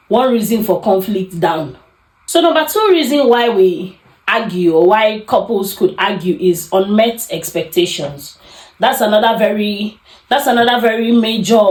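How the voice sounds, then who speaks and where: A young adult woman hosting a podcast, giving casual relationship advice and acting out quoted arguments. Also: mid-range voice. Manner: animated, acts out quoted arguments. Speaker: podcast host. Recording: echoey room.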